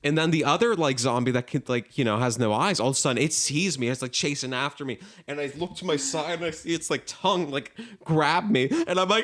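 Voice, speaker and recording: A man hosting a podcast in casual chat, telling lively stories with plenty of filler words. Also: fairly high pitch, moderate pace, hardly any pauses. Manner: animated storyteller, lots of filler "like". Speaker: podcast host.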